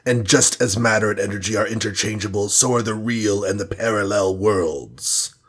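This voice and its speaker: A man's voice: on the low side, normal speed, slightly rough. A man reading a storybook and voicing a scheming alien villain from the future, condescending and bland, sprinkling in foreign words. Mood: smug. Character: sneering scheming male alien time-traveler villain.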